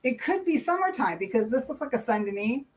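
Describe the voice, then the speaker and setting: A woman's voice: fairly high pitch, very animated, brisk, rough recording. A woman giving a live tarot reading in casual, rambling chat, laughing often. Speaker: tarot reader and co-host.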